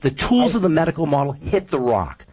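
Man, nutrition guest, emphatic, repeats himself, husky, lo-fi radio sound. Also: fairly high pitch, huge pitch swings, fairly quick. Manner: emphatic, repeats points, tells stories. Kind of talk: radio talk show discussion.

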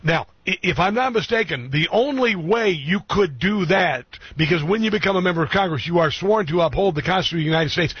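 A man's voice: sits high, animated, a little fast, hardly any pauses, slightly rough, no room sound. A man hosting a political talk radio show, indignant and emphatic, firing off rhetorical questions. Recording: dull lo-fi radio sound, dry.

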